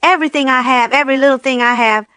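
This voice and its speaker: A woman's voice: sits high, steady tone, quick pace, bright, forceful tone, clean tone, no room sound, voice pushed up. Casting: woman playing a paranoid, bitter witch, accusing and intense, dry close reading.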